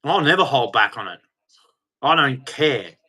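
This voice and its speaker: A man's voice: mid-range voice, expressive, a little slow, bright, forceful tone. A man delivering an angry, heated rant, swearing and speaking with hard emphasis. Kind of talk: angry ranting monologue.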